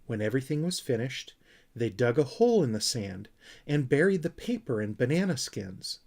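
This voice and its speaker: A man narrating a children's storybook with a gentle, expressive reading. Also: mid-range voice, moderate pace. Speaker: audiobook reader.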